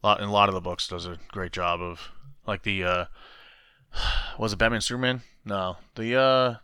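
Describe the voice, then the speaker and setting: A man with a rather low but bright, forceful tone, talking comics in halting bursts with restarts. His voice sits dry and close to the mic. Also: steady tone, smooth, no echo. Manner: halting, restarts and searches for words. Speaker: podcast co-host. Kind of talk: casual comic book chat.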